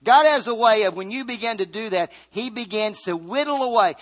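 Male preacher, high voice, animated, shouts for emphasis, repeats phrases. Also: a little fast. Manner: acts out scripture quotes in voices. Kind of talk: sermon.

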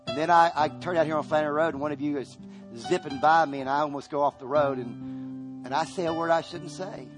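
Man, pastor, sermon in a church, shouts then hushes, slightly high voice, guitar music behind. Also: fairly even intonation, a little fast. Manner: rises to shouting peaks, then drops low and hushed. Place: church sanctuary.

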